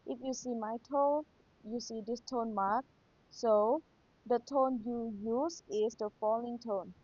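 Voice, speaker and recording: A woman's voice: fairly high pitch, slow pace, mellow, no room sound. A woman teacher with a Thai accent, patiently reviewing material for an exam and repeating key points. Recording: dull lo-fi sound.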